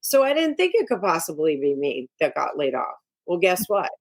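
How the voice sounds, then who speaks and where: A woman's voice: fairly low pitch, big pitch swings, moderate pace. A middle-aged woman, an executive coach, talking frankly and emphatically as a guest in a casual interview. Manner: frank and emphatic, giving advice.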